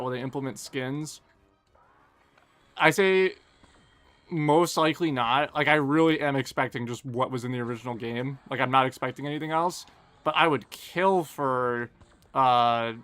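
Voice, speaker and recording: Fast-talking young man streaming. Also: mid-range voice, a bit bright. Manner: fast, casual, self-deprecating chatter. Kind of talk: live gameplay commentary and chat Q&A.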